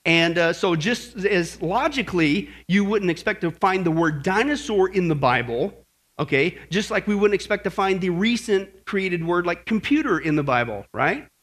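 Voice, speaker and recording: A man preaching a sermon in a lively way, often checking in with the congregation. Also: sits high, normal speed. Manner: lively, keeps checking in with "okay?" and "right?".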